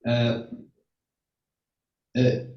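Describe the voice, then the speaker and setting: Older rabbi telling jokes in an echoey hall. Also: male voice, drawn-out words, a little hiss or hum. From outside the United States. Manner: rambling, chatty joke-telling with asides. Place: synagogue hall. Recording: echoey hall, distant, dull room mic.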